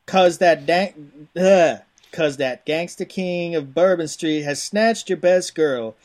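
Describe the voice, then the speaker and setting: Man doing a Cajun swamp hero, hammy drawl, slow stretched words, a touch high. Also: darkish tone.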